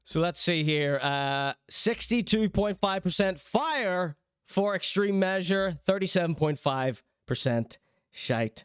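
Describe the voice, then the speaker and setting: A man's voice: high voice, animated, measured pace, fairly bright tone, clean tone, no room sound, studio quality. A young man with a Northern Irish accent, hosting a live stream, reading out chat and commenting in a wry, sardonic, mock-indignant way. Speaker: streamer and show host.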